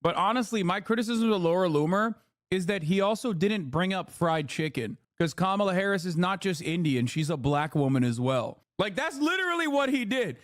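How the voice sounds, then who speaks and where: Male streamer, mocking and exasperated, slightly high voice, dry sound. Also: very animated, brisk, no room sound. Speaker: streamer reacting to clips. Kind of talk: casual commentary.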